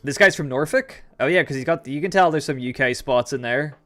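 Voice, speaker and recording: A young Irish man hosts a live stream, rambling casually as he answers viewers' comments. His voice is a little high, brisk, and a bit bright, with no echo.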